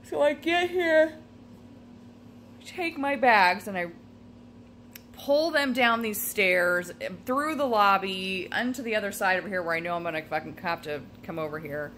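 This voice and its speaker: A woman's voice: medium pitch, a little slow, a bit bright, a little hiss or hum. A woman telling a story in a casual vlog, venting and swearing often. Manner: swears a lot, vents frustration. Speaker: vlogger.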